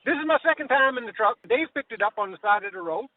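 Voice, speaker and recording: A man's voice: animated, fast talker, no echo. An actor playing a cheerfully clueless backwoods man who rambles in rural grammar and whoops between sentences. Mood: bewildered. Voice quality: high squeaky voice with folksy "whoop" exclamations. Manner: rambling rural grammar, says "ain't" and "yonder". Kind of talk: improvised comedy character. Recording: tinny phone-like audio with faint hiss.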